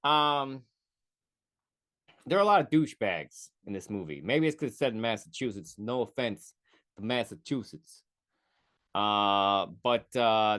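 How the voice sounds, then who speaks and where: Alone on his podcast, a man casually reviews a film, wandering off track and fixing his own words while throwing in swearing and brief impressions. He speaks in a lowish, slightly bright voice.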